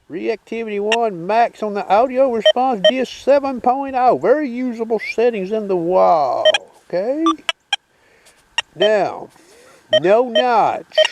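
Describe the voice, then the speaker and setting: A man with a Southern US drawl talks his viewers through a metal detector test outdoors, his voice sitting high and moving up and down a lot. His talk is folksy and chatty, full of "okay?" and "boys." Loud background noise runs under the recording. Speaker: metal detecting channel host. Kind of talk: casual demonstration talk. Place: outdoors at a dig site. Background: detector tones and noise.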